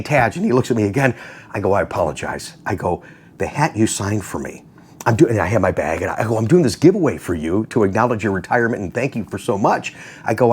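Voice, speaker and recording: Animated storytelling man, lively pitch. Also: slightly rough. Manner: animated, acts out quotes in voices, laughs often. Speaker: host of a car video channel. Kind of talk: casual storytelling to viewers.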